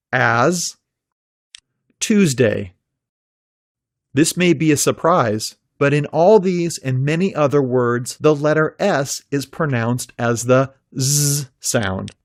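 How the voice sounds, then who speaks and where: A man teaches pronunciation in a calm, unhurried, scripted voice of middle pitch. He draws out each example sound with care. The recording is dry and close, with no room sound. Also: no room sound. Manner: slow, careful, stretching out example sounds. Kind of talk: scripted instructional narration.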